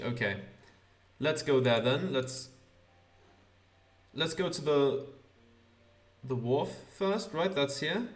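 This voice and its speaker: A man's voice: a little high, expressive, slow, pauses often. A man hosting a let's play, chatting casually and reading game text aloud with frequent hesitations. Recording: roomy echo.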